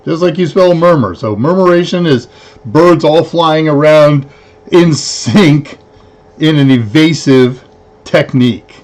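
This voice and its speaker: A man's voice: on the high side, takes it slowly, darkish tone. A man hosting a weekly tech livestream, chatting casually in a rambling way, counting aloud and correcting himself. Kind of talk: casual live-stream chat.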